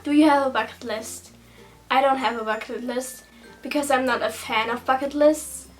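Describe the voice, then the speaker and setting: A woman's voice: high-pitched, fairly even intonation, moderate pace, soft background music, low-quality recording. A German teenage girl with a German accent doing a casual Q and A vlog, hesitant and self-conscious, stumbling over some words. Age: teens. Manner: hesitant and self-conscious, with nervous laughs and restarts. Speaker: vlogger.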